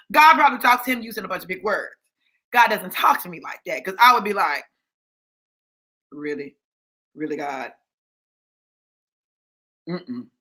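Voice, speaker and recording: A woman's voice: medium pitch, sharp tone. A woman preaching a sermon in a sassy, conversational way, repeating phrases for emphasis. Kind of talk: sermon teaching.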